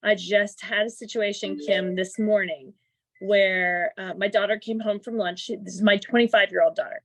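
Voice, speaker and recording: A woman's voice: mid-range voice, fairly even intonation, normal speed, fairly bright tone, no echo. Middle-aged woman telling a candid story. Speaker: workshop participant. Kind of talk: personal story in a group chat. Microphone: video call.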